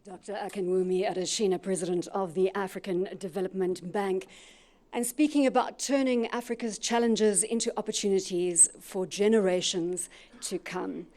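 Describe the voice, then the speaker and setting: A woman moderating an event, giving formal stage introductions with animated, repeated emphasis on key words. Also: medium pitch, moderate pace.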